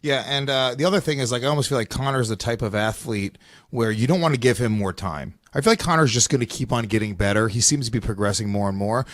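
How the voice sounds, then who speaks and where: A man's voice: mid-range voice, fast, no echo, studio quality. A man co-hosting a podcast in casual chat, loose and rambling, often restarting his sentences. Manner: loose, rambling, self-correcting. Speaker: podcast co-host.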